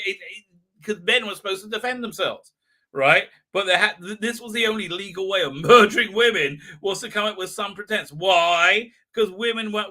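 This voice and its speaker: A man hosting a livestream reviews a TV episode in a rambling, sarcastic commentary packed with fillers and restarts. His voice is high-pitched, bright, and pushed.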